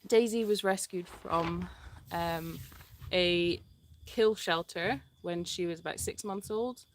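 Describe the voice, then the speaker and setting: This is a chatty, hesitant woman with a lowish voice, chatting through a live stream outdoors. There is a faint background hiss, and she fills her pauses with "um"s while stopping to call the dogs. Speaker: animal sanctuary co-host. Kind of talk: casual live-stream chat, reading viewer comments.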